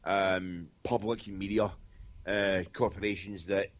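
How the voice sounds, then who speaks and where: A man's voice: sits low, fairly even intonation, takes it slowly. Blunt Scottish man, lo-fi sound. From Scotland. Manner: blunt, rambling with many fillers. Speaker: guest medium. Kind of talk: casual interview chat.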